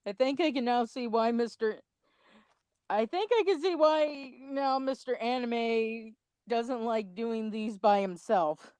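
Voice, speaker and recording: Slow-talking young woman, smooth voice. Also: fairly high pitch, darkish tone, no room sound. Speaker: co-host of a commentary video. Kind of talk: casual commentary chat.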